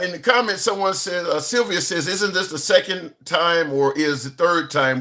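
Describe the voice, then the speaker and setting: A man hosting a casual political chat, reading out viewer comments in a wry, measured way. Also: a little high, sharp tone.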